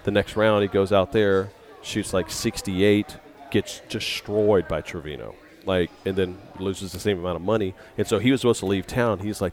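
A man's voice: deep voice, fairly even intonation, moderate pace. A man, a podcast guest, telling rambling anecdotes in casual conversation and acting out the quotes. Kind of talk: casual storytelling.

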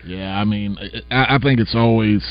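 A man with a fairly low voice joining a radio show remotely from home. He speaks haltingly, repeating words as he starts. The line is dull and lo-fi. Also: no echo. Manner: halting, stammers, short answers. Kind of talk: casual remote call-in chat.

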